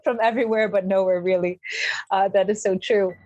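A woman hosting a podcast interview, chatty and quick to laugh. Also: mid-range voice, fairly even intonation, darkish tone, lo-fi sound. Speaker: podcast host. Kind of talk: casual interview.

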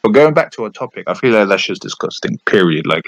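A man's voice: on the low side, quick pace, dry recording, highs cut off. Rambling young man, dry sound. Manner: rambling, animated, swearing, lots of fillers and restarts. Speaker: podcast co-host. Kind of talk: casual chat.

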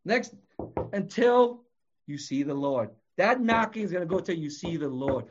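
A man with a high-pitched voice delivers a passionate sermon. He swings from shouting to quiet, intimate passages. The recording sounds dull and lo-fi. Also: lively intonation, normal speed. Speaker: preacher.

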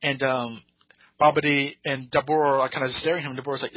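A man's voice: mid-range voice, steady tone, fast, no room sound, muffled recording. A man hosting a podcast, casually recapping an episode with rambling, hesitant storytelling and put-on voices for the characters. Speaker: podcast host. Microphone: podcast microphone.

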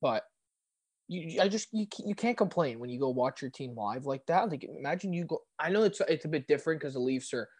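A young man from Canada chats about sports on a podcast, getting carried away with his stories. His voice sits a little high, and it is recorded close and dry. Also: brisk, husky, dry recording. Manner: excitable storyteller, laughs often and repeats himself. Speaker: podcast guest. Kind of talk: casual sports chat.

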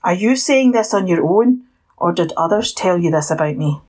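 A woman voicing Jesus, calm and solemn, speaking slowly and quietly with a husky tone in a Bible story reading. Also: fairly low pitch.

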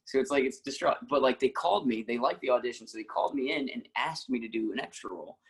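A husky-voiced man, a guest who acts and makes music, tells lively anecdotes casually, voicing the people he quotes and laughing often. He speaks quickly in a mid-range voice, and the recording quality is low.

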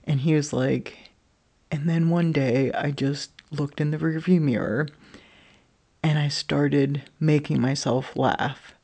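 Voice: medium pitch, fairly even intonation, slow, darkish tone. A speaker in their thirties sharing a candid personal story, rambling, with lots of "like" fillers and casual swearing.

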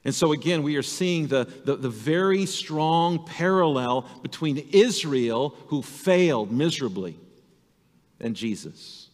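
A man's voice: fairly high pitch, expressive, unhurried. A man preaching a sermon as pastor, earnest and vivid, acting out the voices he quotes. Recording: reverberant hall.

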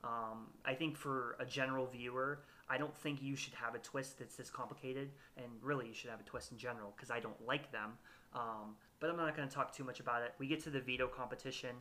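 A man hosting a relaxed recap podcast, his voice bright and clear in the middle of his range. He talks casually and hesitantly, full of ums and self-corrections. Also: medium pitch, a little fast. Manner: hesitant, lots of fillers and restarts. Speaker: podcast host. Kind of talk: casual reality-show recap chat.

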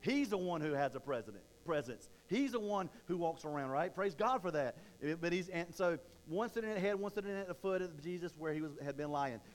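A man preaching an online sermon in an animated way, often repeating words and acting out the quoted lines. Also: a little high, fairly quick, hardly any pauses.

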